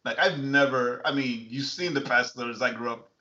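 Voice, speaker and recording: A man who is a pastor chatting casually on a podcast, animated, laughing often and acting out quotes. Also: medium pitch, normal speed. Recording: echoey room, dull lo-fi sound.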